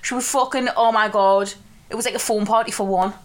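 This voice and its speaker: A woman's voice: fairly high pitch, steady tone, brisk. A woman co-hosting a podcast, teasing her friend and telling stories with swearing and laughter. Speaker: podcast co-host. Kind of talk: casual chat.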